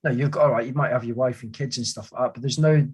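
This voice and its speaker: A husky man, his pitch in a plain middle range, chatting casually. He tells relaxed stories and keeps calling his friend mate. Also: fast. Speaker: guest, army veteran. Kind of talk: casual chat.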